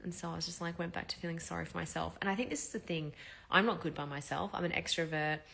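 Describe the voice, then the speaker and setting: A woman tells her story in a chatty, expressive way, blunt and ready to swear. Her voice sits low for a woman, and she sounds like someone recovering from surgery. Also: fast, gravelly. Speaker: vlogger. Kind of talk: casual storytelling.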